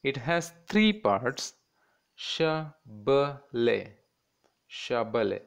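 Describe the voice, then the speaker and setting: A man's voice: mid-range voice, animated, slow pace. A man teaching a children's class in Indian English, patiently repeating words and breaking them into syllables.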